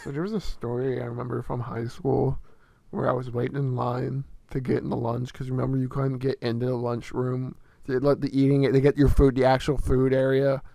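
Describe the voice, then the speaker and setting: A man's voice: mid-range voice, brisk, creaky, dry recording. A young man, a podcast host, telling casual stories full of swearing and acted-out quotes. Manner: animated, swearing, acts out quotes in storytelling. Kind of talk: casual storytelling chat.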